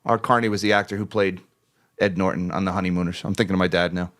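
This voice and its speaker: A man's voice: deep voice, steady tone, fast talker, a bit bright. A man hosts a casual finance livestream, joking and laughing easily as he reads out market closes. He talks to viewers directly, thanking them by name in a loose, chatty way.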